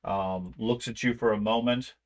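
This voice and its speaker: A man's voice: on the low side, fairly even intonation, moderate pace. A man narrating a tabletop game as game master, setting scenes unhurriedly with frequent ums.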